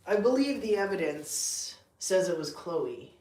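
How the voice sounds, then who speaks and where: A woman's voice: on the low side, animated, measured pace, a little mellow. Chatty woman cooing at her cats. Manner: chatty, laughs often, coos baby-talk at her cats. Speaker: livestream host with pet cats. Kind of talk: casual livestream chat.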